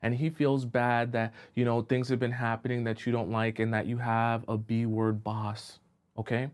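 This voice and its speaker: A man coaching women on relationships in a live-stream talk, explaining slowly with repeated examples and checking whether listeners follow him. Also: mid-range voice, little pitch movement. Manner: keeps checking in with listeners, asking if they follow.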